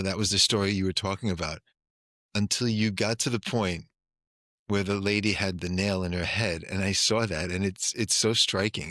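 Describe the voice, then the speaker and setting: Low-voiced reflective male podcast host. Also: fairly bright tone, no echo, clean studio sound. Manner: thoughtful, reflective. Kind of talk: casual conversation.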